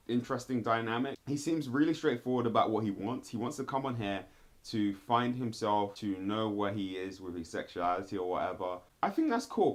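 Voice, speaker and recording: A man giving blunt, animated commentary on a TV show, with sudden jumps in pitch as he talks straight at the people he reviews. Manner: blunt, addresses people directly. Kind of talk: casual commentary video.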